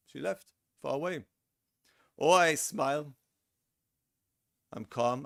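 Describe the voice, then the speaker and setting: A man's voice: on the high side, takes it slowly, gravelly, long pauses, fairly bright tone, dry recording, studio quality. A middle-aged man lecturing a seminar in a conversational way, acting out example lines and repeating his words. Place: lecture room.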